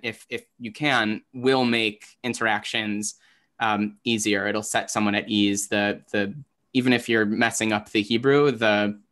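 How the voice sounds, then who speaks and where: A man's voice: lowish voice, a bit bright. A man from Michigan with a muted Michigan accent, explaining Hebrew pronunciation in a casual, chatty way with many ums and restarts over a video call. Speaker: Hebrew teacher.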